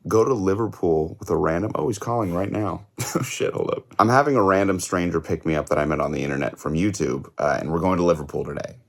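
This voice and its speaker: A young man hosting a vlog, talking to the camera in a quick, excitable way. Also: low-pitched, gravelly. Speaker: host.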